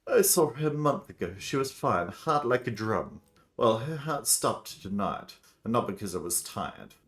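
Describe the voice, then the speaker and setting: A man doing a calm doctor with a fake Italian accent. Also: medium pitch, measured pace, voice pushed up. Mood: composed. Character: composed male doctor with a put-on Italian accent.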